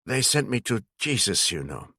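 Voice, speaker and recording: A man's voice: on the low side, very animated, moderate pace, sharp tone, slightly rough, no room sound, studio quality, full character voice. A man reading a dying old male spy with a weak, labored voice in an audiobook. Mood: faint.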